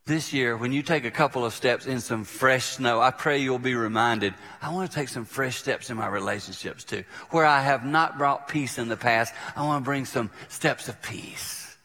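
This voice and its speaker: A man's voice: mid-range voice, moderate pace, few pauses, sharp tone. A middle-aged man preaching a conversational sermon as a pastor, telling stories and acting out the quotes. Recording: live hall reverb.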